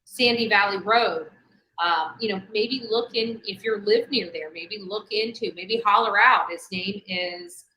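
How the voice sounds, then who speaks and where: A woman's voice: mid-range voice, sharp tone. Rambling woman in an echoey room. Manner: rambling, halting, many fillers and restarts. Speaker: true-crime video host. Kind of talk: rambling livestream commentary.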